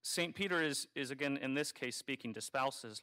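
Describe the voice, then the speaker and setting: A man preaching a homily in a conversational, wry way, teasing his listeners and slowing down to stress key phrases. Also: medium pitch, bright, forceful tone. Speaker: Catholic priest. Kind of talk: sermon.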